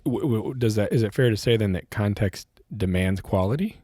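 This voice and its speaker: A man hosting a casual podcast conversation, quick to laugh and given to self-deprecating asides. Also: on the low side, warm tone, husky, no echo, clean studio sound. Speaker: podcast host.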